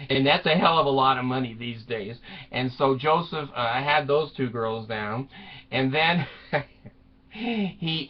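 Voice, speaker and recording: A man telling a comic story with voiced quotes, rambling with fillers and laughing often. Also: mid-range voice. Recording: dull lo-fi recording.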